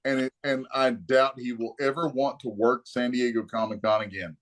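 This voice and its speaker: A man's voice: medium pitch, moderate pace. Profane man telling stories. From Kentucky, USA. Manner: profane, animated storyteller. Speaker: guest, comic artist. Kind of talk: casual storytelling anecdote.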